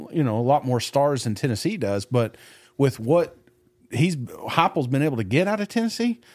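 A man's voice: medium pitch, no room sound. A man co-hosting a sports podcast, talking animatedly and swearing freely, with many stammering restarts. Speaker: podcast co-host. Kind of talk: casual sports talk.

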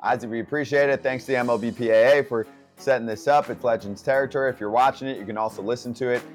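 A man's voice: mid-range voice, fairly even intonation, quick pace, soft background music. A man hosting a sports podcast, upbeat and easygoing as he wraps up the show. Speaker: podcast host. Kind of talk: casual chat and show sign-off.

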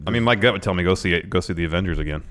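A man's voice: deep voice, rapid-fire, fairly bright tone. A man co-hosting a casual talk show, easygoing as he reads viewer questions aloud. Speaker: co-host. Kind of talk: casual chat.

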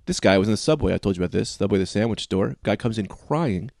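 Male podcast co-host, rapid lively storytelling, gravelly, dry close sound. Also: fairly low pitch, no room sound. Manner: fast, animated, profane storytelling. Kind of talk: casual chat, storytelling.

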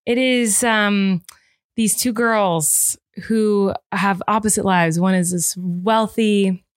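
A woman's voice: mid-range voice, steady tone, slow pace, smooth, no echo, studio quality. A woman co-hosting a podcast in casual chat, gushing and playfully exaggerating. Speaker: podcast co-host.

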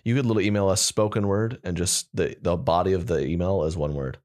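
A man's voice: sits low, a little fast, a little mellow. A young man co-hosting a comedy podcast, chatting casually in a rambling, joking way full of fillers. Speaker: podcast co-host.

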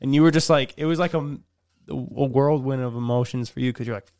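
A man's voice: medium pitch, fairly even intonation, fairly quick, a little mellow. A young man co-hosting a casual podcast, telling stories and laughing through them, crude and joking. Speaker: podcast host.

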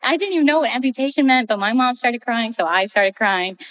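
A woman's voice: a little high, brisk, fairly bright tone, in a large hall. A woman guest casually telling a story about herself, laughing often as she talks.

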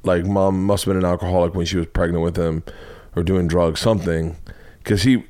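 Man, forties, from the US, comedian host, casual monologue, swears a lot, rambling, animated. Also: deep voice, a little fast. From United States. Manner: profane, rambling, animated storytelling.

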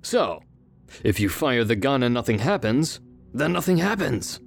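A man's voice: mid-range voice, very animated, measured pace, gravelly, soft background music, heavily acted. An actor playing a sinister, giggling carnival showman in an audio drama, speaking in a gleeful, teasing way.

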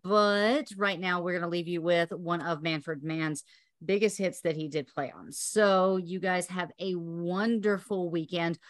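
Effusive woman host with a low voice. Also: steady tone, unhurried. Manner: effusive and thankful. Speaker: podcast host. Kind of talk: casual podcast chat.

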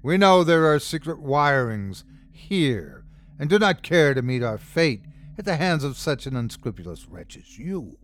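A man voicing a cold, gruff cult leader. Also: on the high side, a little slow, dry recording. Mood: cold commanding. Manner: frigid monotone, gruff.

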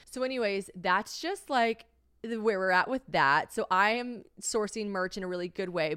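A woman hosting a casual podcast chat, telling stories in an animated way and swearing freely. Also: lowish voice, smooth. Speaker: podcast host.

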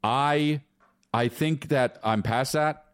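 A man and comedian chatting casually on a podcast, animated, swearing and acting out scenes. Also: medium pitch, takes it slowly, clean tone, dry recording, clean studio sound. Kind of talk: casual chat between brothers.

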